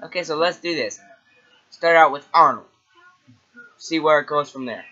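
Bright young man chatting casually. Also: on the high side, moderate pace. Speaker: impressionist vlogger. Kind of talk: casual vlog chat. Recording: dull lo-fi recording.

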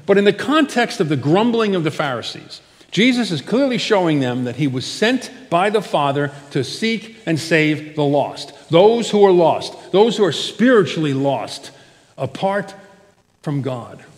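A pastor preaching a sermon, his voice rising loud and falling quiet for emphasis. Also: fairly high pitch, unhurried. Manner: expressive preaching, swells loud then drops soft. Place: church sanctuary. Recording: church hall with long reverb.

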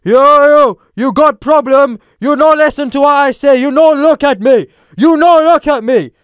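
A man voicing an aggressive male shopper who shouts in clipped, broken English while telling a story. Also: extremely high pitch, moderate pace, no echo, clean studio sound, voice pushed up. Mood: hostile.

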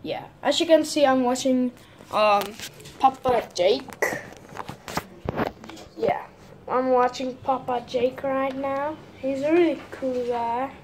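High-voiced woman in a put-on Irish accent. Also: slow, background noise. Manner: rambling and hesitant, with many fillers. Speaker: gamer. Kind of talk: casual gameplay commentary.

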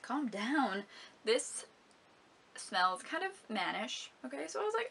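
A woman's voice: fairly high pitch, sing-song, normal speed, gravelly, pushed and bright, slight background noise. Chatty, giggly young woman vlogger. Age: young adult. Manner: chatty, giggly, dramatic complaints. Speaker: beauty vlogger. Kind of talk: casual product review vlog.

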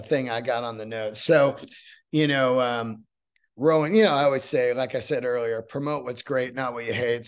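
A man hosting a solo podcast, talking in a loose, rambling, profane monologue. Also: mid-range voice. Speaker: podcast host and comedian.

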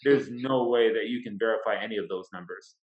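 Male guest expert, mid-pitched, methodical explainer; recording is roomy and dull, lo-fi. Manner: explains step by step, measured and thoughtful. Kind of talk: casual interview. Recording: echoey, dull lo-fi sound.

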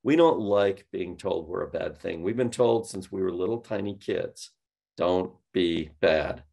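A man teaching cold calling in a webinar, telling stories with lively quoted dialogue. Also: deep voice, moderate pace, creaky. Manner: animated storytelling, mimics voices in quoted dialogue. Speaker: sales trainer.

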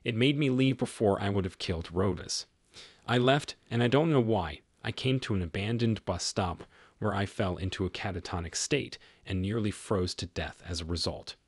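A man voicing a cold, stern husband confronting his cheating wife, in a measured tone. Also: on the low side, breathy edge, dry recording. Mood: accusing.

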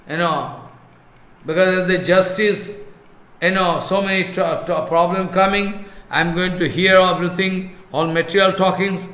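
A man teaching a scripture class in a high voice. He speaks haltingly, circles back over his phrases, and slows down to chant verses. The room gives his voice a noticeable echo. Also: pushed and bright. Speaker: spiritual teacher.

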